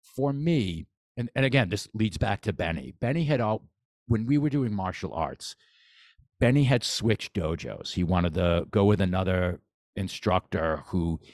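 A man's voice: sits low, animated, a little slow, a little mellow, no room sound, studio quality. A man, a boxing coach, talking casually as a podcast guest, enthusiastic and rambling with restarts. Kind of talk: casual interview chat.

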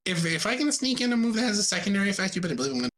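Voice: mid-range voice, big pitch swings, very fast, a bit bright. A podcast co-host in casual gaming chat, jokey and laughing often.

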